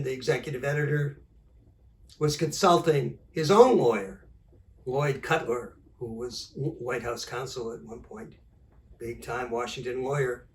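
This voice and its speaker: An older man, a journalist, telling an animated anecdote and acting out the dialogue. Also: mid-range voice, distant mic. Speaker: journalist and author. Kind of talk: storytelling talk.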